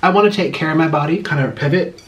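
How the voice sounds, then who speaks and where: A young man chatting casually on his vlog while eating spicy food, his mouth burning, clearing his throat often and rambling through viewer questions. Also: a little high, fast, slight background noise, low-quality recording. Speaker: vlogger.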